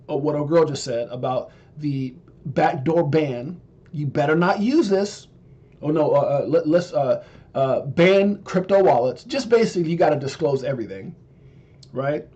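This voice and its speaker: A man's voice: a little high, darkish tone. A man hosting a casual crypto livestream. He stammers, repeats himself and talks with emphasis. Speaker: crypto show host.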